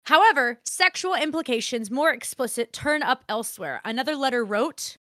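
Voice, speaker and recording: A woman co-hosting a casual podcast, reading history aloud with animated, profane, laughing banter. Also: sits high, normal speed, dry recording, clean studio sound. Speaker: podcast co-host.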